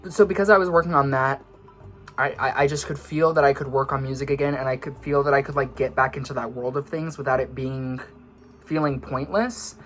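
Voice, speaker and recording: A man's voice: mid-range voice, fairly even intonation, fairly quick, fairly bright tone, faint music behind. Breathless, rambling young man. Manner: scattered, tangent-prone, self-mocking. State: slightly out of breath. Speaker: vlogger and musician. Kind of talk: casual rambling monologue.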